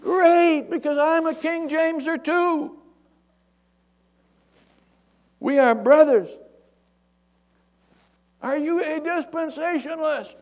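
A preacher voicing a zealous male Baptist pastor who yells questions upward, in a joke. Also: extremely high pitch, slow, long pauses, voice pushed up, exaggerated voice. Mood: eager yelling. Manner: yelling, eager interrogating.

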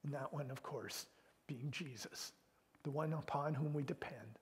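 Man, pastor, sermon, earnest and conversational, slightly high voice, long reverb. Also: measured pace. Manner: earnest, conversational, drops to hushed tones.

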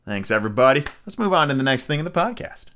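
A man's voice: medium pitch, sing-song, quick pace, fairly bright tone, clean tone. A man hosting a podcast alone, ranting casually with energy, lots of swearing and self-mocking asides. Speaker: podcast host.

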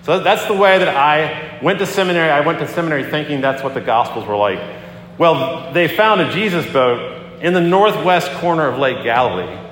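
A male pastor gives a sermon in a relaxed, conversational style, acting out the quotes as he tells the story. His voice sits a bit high for a man. It rings through a big echoey hall with a long reverb tail and a faint hum of room noise behind it. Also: normal speed.

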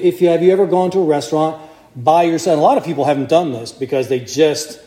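A man's voice: on the high side, mellow, roomy sound. A man preaching a sermon to a congregation in a conversational way, putting questions to his listeners. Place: church.

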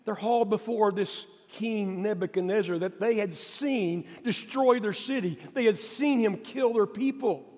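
High-voiced male pastor preaching. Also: unhurried, hardly any pauses, long reverb tail. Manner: emphatic and repetitive, rising to stress points, then dropping quiet. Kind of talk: sermon.

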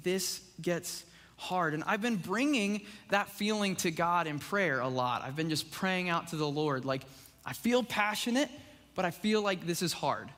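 A man with a fairly high voice gives a casual, conversational sermon, leaning on "like" and "right?" as he talks to the congregation. The sound carries a long reverb from the church hall around him. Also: fairly bright tone. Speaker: preacher. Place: church sanctuary.

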